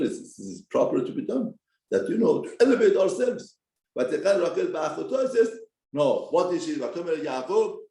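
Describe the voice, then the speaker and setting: A rabbi and native Persian speaker with a Persian accent teaches a short ethics lesson in a study hall, animatedly acting out the quotes he relates and mixing Hebrew terms into his English. His voice is a little high, and the room is echoey.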